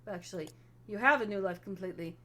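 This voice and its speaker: A woman running a tabletop role-playing game as game master, explaining at length in an animated way. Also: mid-range voice, fast talker.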